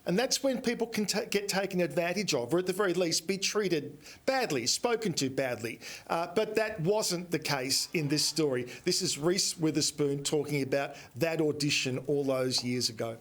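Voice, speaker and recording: A man's voice: fairly high pitch, animated, normal speed, hardly any pauses. Chatty man with a raised voice. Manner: chatty, enthusiastic storyteller. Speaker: entertainment editor. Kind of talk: morning TV entertainment segment.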